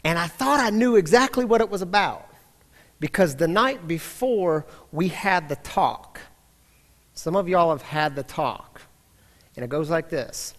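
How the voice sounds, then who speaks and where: Pastor guy in his 30s telling a story in church, pretty high voice, chatty, lots of hall echo. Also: unhurried. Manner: animated, chatty storytelling, speaks to the congregation directly. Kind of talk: storytelling sermon. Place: church sanctuary. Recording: long hall reverb in a church.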